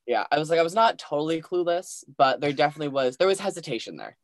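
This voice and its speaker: A man's voice: fairly high pitch, very animated, quick pace, no echo. A young man co-hosting a casual recap chat, rambling and hedging, often restarting his sentences. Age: young adult. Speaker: co-host.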